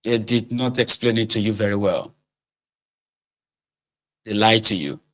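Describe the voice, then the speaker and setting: A man's voice: fairly low pitch, a little slow, pushed and bright. A man hosting a casual political commentary show, speaking sardonically and emphatically.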